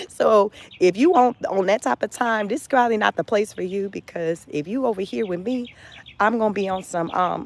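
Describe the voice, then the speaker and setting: A woman's voice: medium pitch, moderate pace, slight background noise. A woman hosting a casual motivational livestream, talking emphatically, repeating phrases and laughing often. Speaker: livestream host.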